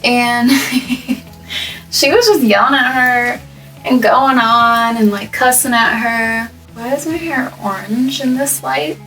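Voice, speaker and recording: A young woman chats her way through a story, laughing often and trailing off mid-thought. Her voice sits a touch high. She sounds a little away from the microphone, with faint music behind her. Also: slow, pushed and bright, recorded from a distance, rough recording. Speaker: vlogger. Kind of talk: casual story time while coloring hair. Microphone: microphone placed up by the camera.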